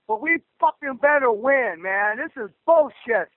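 A man's voice: animated, measured pace, few pauses, no room sound. A man from Southern California calling into a radio show, ranting angrily with constant cursing. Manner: angry, profane ranting at a raised pitch. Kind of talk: call-in rant. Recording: dry tinny phone line.

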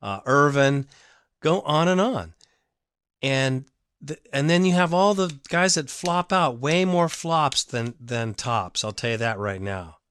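A man's voice: mid-range voice, fairly bright tone, clean tone, no room sound, clean studio sound. A man hosting a fan sports podcast, talking bluntly and emotionally in a rambling, opinionated way. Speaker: podcast host.

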